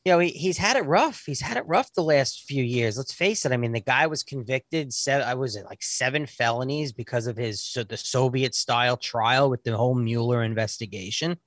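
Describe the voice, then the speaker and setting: A man in his forties telling a story in casual talk, animated and often restarting his sentences. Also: mid-range voice, normal speed, few pauses, no echo, clean studio sound. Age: 40s.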